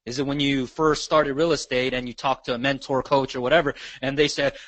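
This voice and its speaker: A man's voice: medium pitch, flat delivery, fairly quick, hardly any pauses, fairly bright tone, no echo. A man leading a live online sales training, asking the audience questions and checking in often. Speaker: real estate sales trainer.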